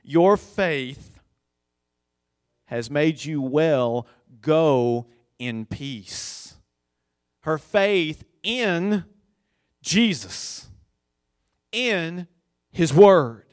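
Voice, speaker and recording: Slow, deliberate male preacher. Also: fairly high pitch, expressive, clear, resonant tone, dry recording, clean studio sound. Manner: slow, deliberate preaching that swells to emphatic peaks. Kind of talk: sermon.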